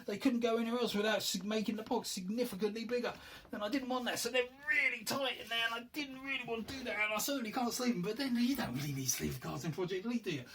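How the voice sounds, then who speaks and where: This is a fast, high-voiced man with a slightly bright tone, and a faint hiss or hum sits under the recording. He's a hobbyist casually showing his handmade game box, rambling, thinking aloud and making self-deprecating jokes.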